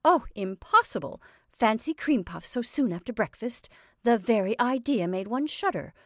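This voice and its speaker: Brief: a woman playing a prim, effusive younger sister, higher than her own voice. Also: lively intonation, normal speed, fairly bright tone, no echo, clean studio sound. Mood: gushing. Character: practical, gushing younger sister. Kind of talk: storybook reading.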